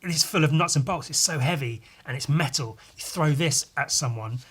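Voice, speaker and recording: A man's voice: fairly high pitch, normal speed, a bit bright, slightly rough. A man doing a clumsy boy inventor. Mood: eager. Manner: earnest, then sulky. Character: clumsy, eager boy inventor, well-meaning.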